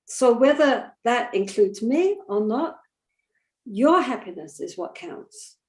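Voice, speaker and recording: Gentle older woman teaching in an echoey room. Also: a little high, very animated, slow. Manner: gentle, thoughtful, often says "you know". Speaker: Buddhist teacher answering questions. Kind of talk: reflective spiritual teaching.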